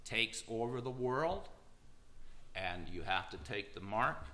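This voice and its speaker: A man's voice: lowish voice, expressive, slow, sharp tone, poor audio. A man giving a sermon-style talk, reading quotes aloud with emphatic stress. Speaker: preacher.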